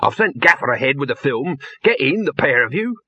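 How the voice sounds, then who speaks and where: A brisk, pushy film boss who waves away every worry, as a man puts him on for a storybook. The voice runs raised and bright with a slight huskiness, and the sound is dull and lo-fi. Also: medium pitch, very animated, breathy edge, dry recording, pitched above the performer's own voice, heavily acted. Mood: impatient. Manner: brisk, impatient, dismissive.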